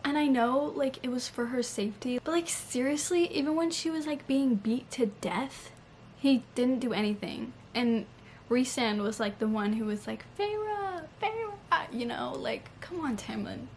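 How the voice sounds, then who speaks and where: Animated young woman gushing about books. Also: on the high side, normal speed. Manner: animated, swears often, says "like" a lot. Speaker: book vlogger. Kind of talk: casual reading vlog. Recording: faint background noise.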